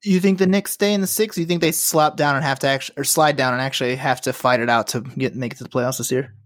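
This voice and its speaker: A young man co-hosting a podcast, talking basketball in a relaxed, agreeable way, full of "like" and "you know". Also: medium pitch, quick pace, no echo, clean studio sound. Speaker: podcast co-host. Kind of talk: casual sports chat.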